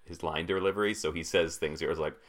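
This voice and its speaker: A man's voice: deep voice, steady tone, fast. A man in his twenties chatting casually about films, rambling with lots of "like" fillers. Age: 20s. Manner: filler-heavy, rambling with frequent "like". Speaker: podcast co-host. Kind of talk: casual chat about movies.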